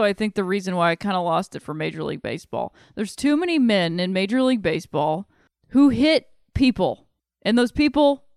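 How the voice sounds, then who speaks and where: A woman's voice: a little high, dry recording, studio quality. A young adult woman hosting a solo podcast, talking in a rambling, frank way with some swearing, sleepy and yawning. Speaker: podcast host. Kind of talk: casual solo podcast monologue.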